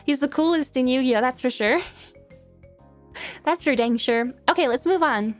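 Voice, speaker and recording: Giggly high-voiced woman streamer. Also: measured pace, pauses often, faint music behind. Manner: giggly, rambling, self-deprecating. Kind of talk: casual chat reading viewer questions.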